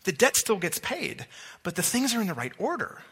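A man's voice: sits high, very animated, normal speed, a bit bright, husky. A man preaching a sermon, earnest, repeating words for emphasis and checking that listeners follow. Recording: long reverb of a large hall.

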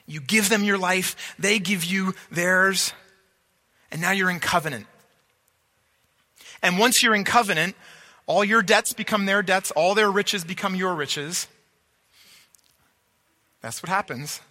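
A man's voice: high-pitched, unhurried, pauses often, bright, forceful tone. A man preaching a sermon, earnest, repeating words for emphasis and checking that listeners follow. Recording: long reverb of a large hall.

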